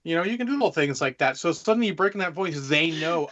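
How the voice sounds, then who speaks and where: A man's voice: on the high side, animated, quick pace, a bit bright, highs cut off. A man co-hosting a tabletop gaming podcast, talking loosely and animatedly in casual chat. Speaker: podcast co-host, game master.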